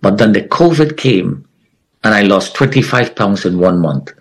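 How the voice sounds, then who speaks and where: A middle-aged man giving an earnest, emotional personal testimony as an interview guest, with dramatic pauses. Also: lowish voice, expressive, husky, rough recording.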